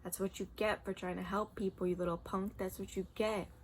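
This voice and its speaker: A woman reading as a hot-headed young gang tough, gravelly. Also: mid-range voice, flat delivery, brisk, a little hiss or hum, close to an everyday voice. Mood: tense.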